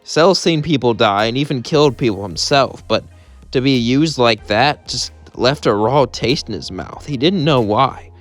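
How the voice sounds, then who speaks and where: A man's voice: medium pitch, animated, normal speed, faint music behind. A man narrating a fan story in a loose, rambling way.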